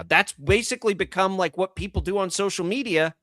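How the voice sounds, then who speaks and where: A man's voice: sits high, fairly quick, sharp tone, no room sound, studio quality. A middle-aged man hosting a sports radio show, ranting incredulously in casual banter.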